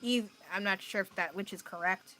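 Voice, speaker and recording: A woman's voice: mid-range voice, normal speed, sharp tone, slight background noise. A woman with an American accent chatting casually on a livestream, rambling and laughing often as she answers her chat. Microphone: phone.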